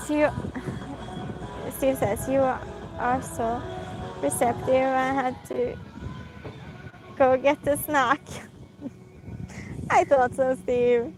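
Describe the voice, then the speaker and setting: A woman's voice: high-pitched, low-quality recording. A woman, chatting casually and giggling as she reads out live comments while walking outdoors at night. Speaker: livestreamer. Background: music from a passing car.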